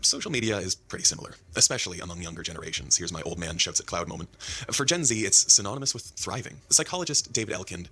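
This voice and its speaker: A man narrating a video essay in a measured, scripted delivery. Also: low voice, lively intonation, bright, forceful tone, husky.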